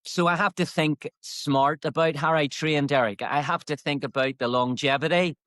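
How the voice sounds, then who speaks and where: A man's voice: fairly high pitch, steady tone, moderate pace, a bit bright, no room sound, clean studio sound. A man in his fifties with a Northern Irish accent, a fitness coach talking as a podcast guest, good-humoured and enthusiastic with small restarts. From Northern Ireland. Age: 50s. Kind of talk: casual podcast interview.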